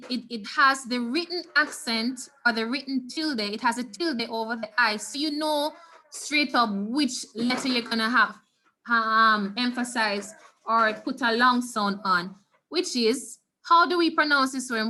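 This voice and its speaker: A woman with a Jamaican accent teaching a Spanish class over a video call, encouraging her students and slowly repeating key words. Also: a little high, sharp tone.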